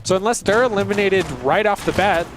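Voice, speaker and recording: High-voiced man casting esports. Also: fairly quick. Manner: detailed, tactical, conversational. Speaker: esports caster. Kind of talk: play-by-play commentary. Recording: noisy background.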